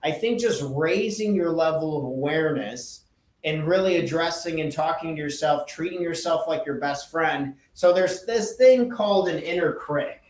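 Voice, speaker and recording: A man's voice: on the high side, moderate pace, darkish tone. A man hosting a podcast, giving a casual motivational talk in an earnest, emphatic way and repeating his key phrases. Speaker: podcast host. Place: indoor room with a whiteboard. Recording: echoey room, voice from off-mic.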